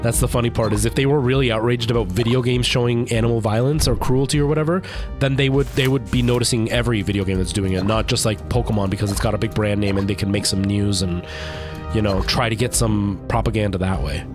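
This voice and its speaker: A man's voice: on the low side, steady tone, fast talker, over music. A young man streaming a game, chatting casually and rambling as he plays. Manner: chatty, rambling, self-correcting. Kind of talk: casual gameplay commentary.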